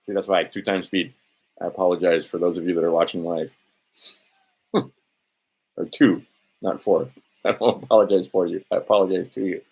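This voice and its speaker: Low-voiced man rambling on a livestream. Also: fairly even intonation, normal speed, long pauses, a little mellow, slightly rough. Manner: meandering, talks to himself while scrolling documents; blunt, swears. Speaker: livestream host. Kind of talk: rambling casual livestream monologue.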